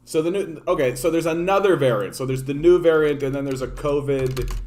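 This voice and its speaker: A man's voice: a little high, fairly quick, a little mellow. A man from Canada hosting a casual political livestream, ranting in a profane, sardonic, rambling way and answering his chat. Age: adult, grown since his younger days. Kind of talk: casual rant to live chat.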